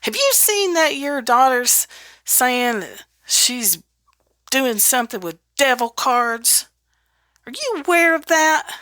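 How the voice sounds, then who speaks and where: A woman voicing a nosy older aunt who gossips with scandalized questions in a high voice. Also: big pitch swings, slow, sharp tone, dry recording, studio quality, full character voice.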